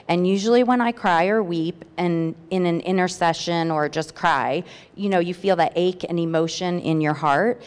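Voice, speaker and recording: A woman's voice: on the low side, moderate pace, few pauses, long reverb tail. A woman reading her personal testimony aloud at a church meeting, earnest and heartfelt, with hesitant fillers. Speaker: church member sharing a testimony.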